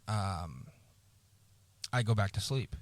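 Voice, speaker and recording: A man on a podcast telling a painful personal story, halting, repeating words and swearing often, close to tears. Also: fairly low pitch, lively intonation, noisy background. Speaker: podcast co-host.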